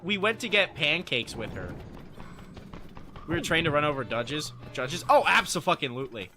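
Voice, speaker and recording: A man's voice: on the high side, sing-song, moderate pace, bright, forceful tone, faint music behind. A young adult man streaming live, telling casual stories to his chat, swearing freely and laughing often.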